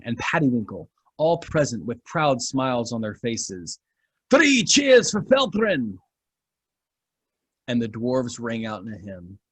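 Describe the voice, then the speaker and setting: Man, game master, husky voice, dry close sound, measured storytelling pauses. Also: mid-range voice, no room sound. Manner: storybook narration with dramatic pauses. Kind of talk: narrating a tabletop game.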